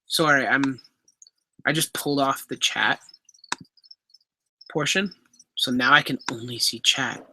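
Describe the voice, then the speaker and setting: Bright-voiced young man chatting. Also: mid-range voice, measured pace, long pauses, a little hiss or hum. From Canada. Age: 20s. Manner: chatty, apologetic, easily laughing. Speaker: livestream host. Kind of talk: casual livestream Q&A, reading chat aloud.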